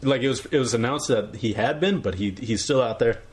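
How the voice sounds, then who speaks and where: A male podcast co-host talks casually at a middling pitch. He rambles and often restarts his sentences as he goes. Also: fairly quick. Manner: rambling, many fillers and restarts. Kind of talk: casual chat.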